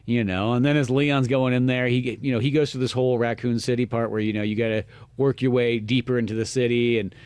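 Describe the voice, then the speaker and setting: A man co-hosting a podcast in casual chat, animated and acting out characters' lines in a raised voice. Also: medium pitch, fast, clear, resonant tone, no room sound. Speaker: podcast co-host.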